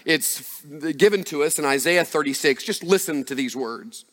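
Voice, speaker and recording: A male pastor preaching a sermon in an emphatic style that builds to loud passages. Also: fairly high pitch, normal speed. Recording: long reverb of a large hall.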